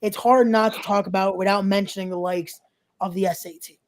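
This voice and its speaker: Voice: mid-range voice, fairly even intonation, fairly quick, slight background noise. A podcast host from New York interviews a guest in a loose, rambling way. The host keeps circling back to promote an upcoming show and laughs often.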